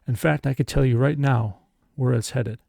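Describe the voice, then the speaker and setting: A man voicing a smug, scheming male alien doctor who speaks calmly and measuredly. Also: medium pitch, normal speed, gravelly, no echo, clean studio sound, close to an everyday voice.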